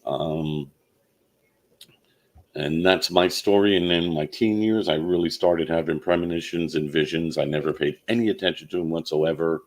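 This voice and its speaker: A man telling a personal story in a halting way, with many fillers and restarts. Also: sits low. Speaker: channel host.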